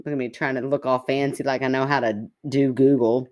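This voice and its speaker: A woman's voice: very deep voice, steady tone, fairly quick, a little mellow. A woman co-hosting a podcast in casual chat, laughing often and poking fun at herself. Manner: laughs often, self-mocking. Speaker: podcast co-host.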